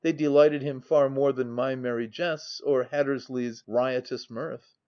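A man's voice: medium pitch, steady tone, a little slow, muffled recording. Man reading a classic novel aloud. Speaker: audiobook narrator. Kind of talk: scripted narration of a novel.

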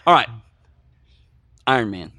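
A man co-hosting a movie podcast, chatting in an animated, joking, rambling way. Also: medium pitch, a little slow, no echo. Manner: animated, jokey, rambling with food analogies. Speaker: podcast co-host. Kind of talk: casual movie podcast chat.

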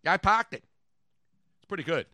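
A man putting on a loud brash Boston guy. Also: high-pitched, sing-song, a little fast, no echo, studio quality, voice pushed up, exaggerated voice. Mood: mocking. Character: mock Boston man parking a car.

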